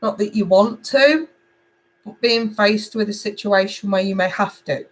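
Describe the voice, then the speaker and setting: A middle-aged woman from England reading tarot cards live, chatty and animated as she talks to viewers. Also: medium pitch, unhurried, low-quality recording. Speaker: tarot reader.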